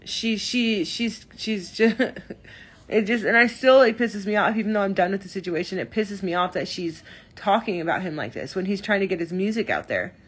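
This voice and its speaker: Woman in her thirties, husky voice, hurt and defensive, talking into her phone. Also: mid-range voice, normal speed. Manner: emotional, hurt and defensive, many restarts. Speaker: livestreamer. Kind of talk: upset livestream rant. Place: in her car.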